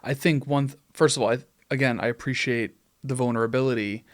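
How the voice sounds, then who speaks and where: A man hosting a podcast, speaking in a reflective, affirming, measured way. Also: medium pitch, steady tone. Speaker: podcast host. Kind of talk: podcast conversation.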